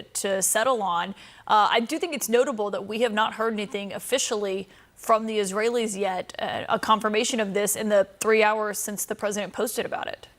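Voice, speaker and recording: Measured female news anchor. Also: medium pitch. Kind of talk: live news broadcast.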